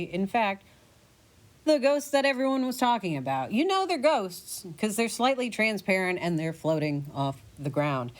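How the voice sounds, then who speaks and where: A woman narrating a choose-your-own-adventure story in the second person, playful and animated. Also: on the low side. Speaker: podcast narrator.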